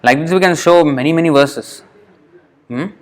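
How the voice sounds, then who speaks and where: Patient man teaching verse pronunciation. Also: a little high. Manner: patient, repeats words slowly to demonstrate pronunciation; halting, with fillers and self-corrections. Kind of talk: classroom lesson.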